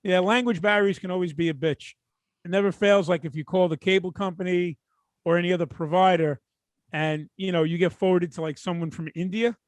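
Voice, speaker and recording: Wisecracking high-voiced man co-host. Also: steady tone, brisk, dry recording. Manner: wisecracking, laid-back. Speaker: podcast co-host. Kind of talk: casual podcast chat.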